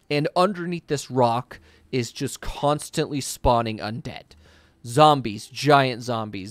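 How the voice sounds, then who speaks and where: A man's voice: medium pitch, no room sound. Man narrating as game master. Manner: vivid, rambling description with fillers.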